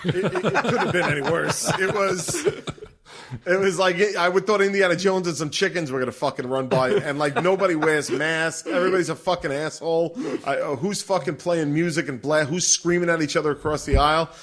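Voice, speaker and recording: A middle-aged man telling a story in a casual, profane and animated way, laughing as he goes. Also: on the high side, a little fast. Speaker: podcast co-host.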